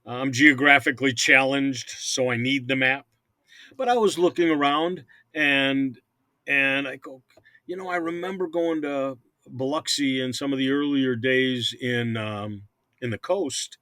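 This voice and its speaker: Bright-voiced older man, rambling owner talk. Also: mid-range voice, measured pace, no echo. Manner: rambling, repeats words often. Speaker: hockey team owner. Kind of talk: casual interview chat.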